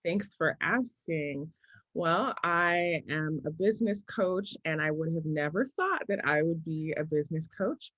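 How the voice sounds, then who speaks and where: A woman in her forties, a business coach, answering interview questions in a thoughtful, story-telling way that often slows down to make a point. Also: low-pitched, lively intonation, a bit bright, dry recording, muffled recording.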